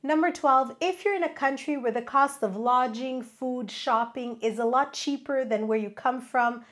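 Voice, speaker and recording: High-voiced woman giving travel tips. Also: moderate pace, fairly bright tone. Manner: friendly, advising, list-style delivery. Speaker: travel vlogger. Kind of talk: scripted travel tips to camera.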